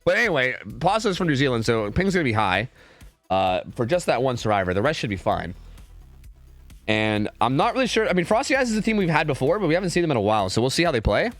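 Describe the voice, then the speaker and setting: A man casting game scrims on a live stream in a casual, chatty way, often repeating words in quick bursts. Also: medium pitch, big pitch swings, no room sound, faint music behind.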